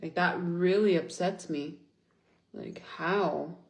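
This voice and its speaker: A woman's voice: on the low side, slow, roomy sound. A young woman venting angrily and swearing in a casual livestream chat, reading and answering viewers. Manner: angry, venting, swears often. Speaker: livestream host.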